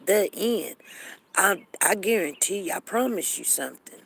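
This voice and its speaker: A woman's voice: mid-range voice, expressive, moderate pace, creaky, fairly bright tone, husky. A woman hosting a casual live chat room, acting out both sides of arguments and repeating phrases.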